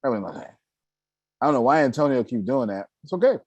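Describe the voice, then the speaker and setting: A man hosting a casual chat, talking in an animated way, often laughing and poking fun at himself. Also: medium pitch, fast, dry recording, muffled recording. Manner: animated, laughing, self-mocking. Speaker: host.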